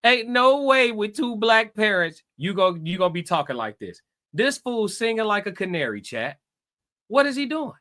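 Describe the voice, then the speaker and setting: High-voiced mocking young man reacting. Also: big pitch swings, normal speed. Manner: loud, mocking, slangy, laughs often. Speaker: reaction commentator. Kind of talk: reacting to a podcast clip.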